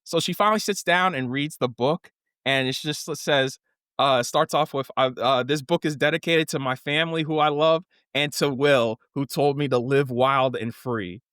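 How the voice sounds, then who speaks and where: A man co-hosting a podcast, casually recapping a TV show with lively, profane storytelling and acted-out quotes. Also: medium pitch, moderate pace, clean tone, dry recording, studio quality. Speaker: podcast co-host.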